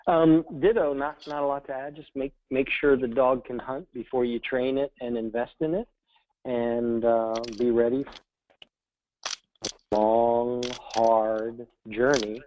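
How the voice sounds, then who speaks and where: Slow-talking man on a phone line. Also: mid-range voice, steady tone. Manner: brief, unhurried, with fillers. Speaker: panelist. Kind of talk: webinar panel discussion. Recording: tinny phone-line audio.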